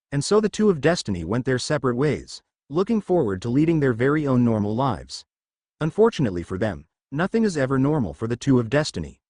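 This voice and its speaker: Man narrating fan fiction, lively pitch. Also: no echo, clean studio sound. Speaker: story reader.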